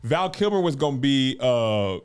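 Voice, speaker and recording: A man's voice: medium pitch, lively intonation, moderate pace, clean tone. A man co-hosting a comedy podcast, joking and riffing playfully in casual chat. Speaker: podcast co-host.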